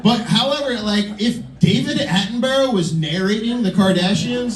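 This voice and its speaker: Forties guy doing standup, rambly self-deprecating banter, high voice, roomy club sound from a ways off. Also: normal speed, few pauses, distant mic. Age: 40s. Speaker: stand-up comedian. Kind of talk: stand-up comedy set. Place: comedy club stage.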